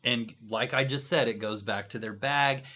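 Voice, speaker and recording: A male podcast host with a bright, ringing voice at an ordinary pitch. He tells old gaming stories in a loose, animated chat, checking in with "right?" and "you know" as he goes. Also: normal speed. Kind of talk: casual storytelling chat.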